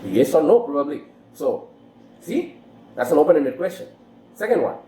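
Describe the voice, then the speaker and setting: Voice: mid-range voice, big pitch swings, normal speed, pauses often, warm tone. An English teacher giving an online lesson who asks the listener rhetorical questions and swings the voice in exaggerated rises and falls. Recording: roomy echo, faint background noise.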